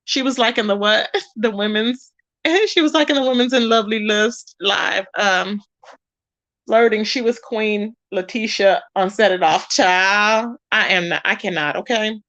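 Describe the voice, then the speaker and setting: A woman hosting a casual commentary livestream, chatting about online drama, greeting viewers by name in an animated way. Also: medium pitch, measured pace, dull audio. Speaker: YouTube commentary host.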